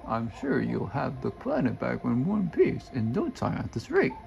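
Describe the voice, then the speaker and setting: A man's voice: mid-range voice, huge pitch swings, moderate pace, creaky, darkish tone, dull audio, soft background music, heavily acted. A young man voicing a pompous old male professor while reading cutscene lines aloud. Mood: grand.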